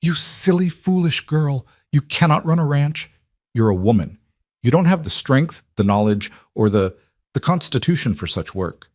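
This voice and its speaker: A man's voice: fairly low pitch, expressive, moderate pace, darkish tone, no echo, clean studio sound. A man playing a sneering society matron. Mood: scornful. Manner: sneering false sympathy. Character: haughty older society woman, scornful.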